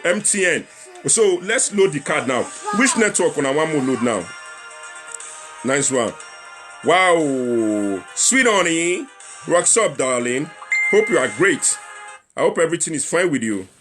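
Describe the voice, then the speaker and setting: A man's voice: a little high, lively intonation, measured pace, a bit bright, soft background music. A young man with a Nigerian accent hosting a casual livestream talk show, chatting and repeating himself as he appeals to viewers and slips into Pidgin. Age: young adult.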